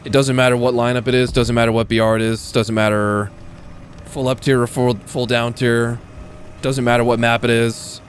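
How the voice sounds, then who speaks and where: A man's voice: mid-range voice, little pitch movement, normal speed, a little hiss or hum. A young man with an American accent, casually commenting while playing a tank game, joking and swearing. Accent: General American. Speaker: gaming streamer. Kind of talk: live gameplay commentary.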